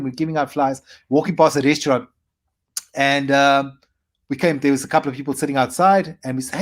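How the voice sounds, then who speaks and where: A South African man in his forties, a comedian guest, telling animated stories with quick asides. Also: mid-range voice. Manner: animated anecdotes with quick asides and playful acted quotes. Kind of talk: storytelling interview.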